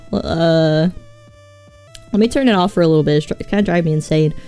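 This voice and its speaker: A woman's voice: fairly low pitch, animated, a little fast, mellow, faint music behind. A woman VTuber streamer chatting casually, with a scratchy voice and a rambling, profane, self-mocking way of talking. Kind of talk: casual live-stream chat.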